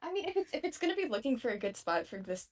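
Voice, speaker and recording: A woman from the American South chats through a tabletop game session. Her voice sits a bit high and swings around a lot, and she giggles and stumbles over restarts as she works out her moves. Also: big pitch swings, rapid-fire. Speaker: player. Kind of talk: casual tabletop game play.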